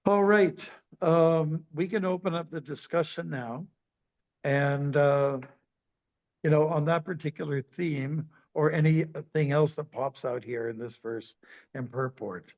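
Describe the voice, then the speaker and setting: A man, a monk, giving a scripture class as a sermon in a deliberate way, repeating words for emphasis. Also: a little high, a little mellow, muffled recording. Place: temple.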